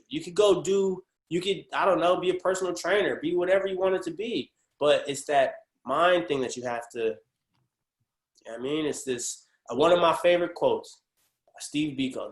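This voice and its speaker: A man from the Pacific Northwest of the US, an actor speaking as a guest in a casual webinar interview, animated and slangy. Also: fairly high pitch, moderate pace. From Portland, Oregon, USA. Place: video call. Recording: roomy echo.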